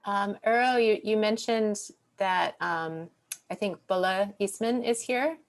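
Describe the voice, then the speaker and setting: Woman moderating a zoom call, polite, bit halting. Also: medium pitch. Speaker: meeting moderator. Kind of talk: casual talk on a video call.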